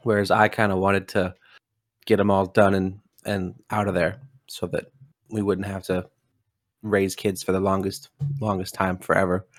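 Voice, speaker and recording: A young man, a father and podcast co-host, chatting casually in a relaxed, rambling way. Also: low-pitched, moderate pace, no echo, clean studio sound. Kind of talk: casual chat.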